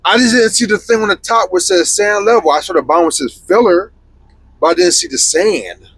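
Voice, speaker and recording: Loud, swearing trucker podcast host. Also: male voice, sits high, animated, a little fast, slight background noise, low-quality recording. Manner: loud, laughing, swears a lot. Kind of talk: casual chat.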